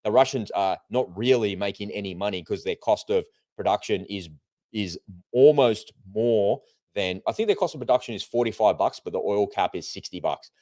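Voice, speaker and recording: A man's voice: lowish voice, lively intonation, normal speed, dark tone, no echo. A man co-hosting a live political and market talk show, laying out his points step by step with conversational asides. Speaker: co-host. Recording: remote broadcast with slight delay.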